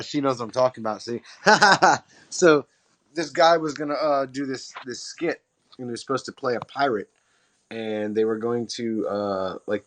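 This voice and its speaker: Laughing man telling crude stories. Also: mid-range voice. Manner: laughing storyteller, crude jokes. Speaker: livestream host. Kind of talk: casual chat.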